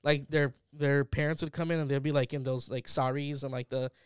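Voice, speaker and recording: A man's voice: medium pitch, flat delivery, fairly quick, smooth, no room sound. A young adult man, co-hosting a podcast in a rambling, filler-heavy storytelling way. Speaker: podcast co-host. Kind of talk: casual podcast chat.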